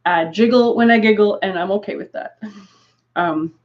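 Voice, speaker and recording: A woman's voice: medium pitch, normal speed. A woman chatting casually to viewers on a craft livestream, rambling through asides and laughing often. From Canada. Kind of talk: casual live chat. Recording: dull lo-fi stream audio.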